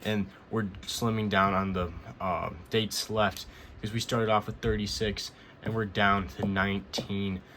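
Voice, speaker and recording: A man's voice: on the low side, little pitch movement, a little slow, fairly bright tone, a little hiss or hum. A man casually recapping a show as a vlog host, rambling and repeating himself as he retells what happened. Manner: rambling, repeats "he goes" often. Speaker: wrestling recap vlogger.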